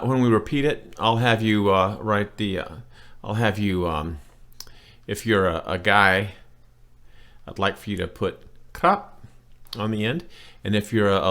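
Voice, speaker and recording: A man with a fairly low voice teaches a beginner language lesson at a whiteboard. He talks in a loose, chatty way and often stops to restart a sentence or fill a pause. The delivery is relaxed and informal. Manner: rambling and chatty, with many fillers and restarts.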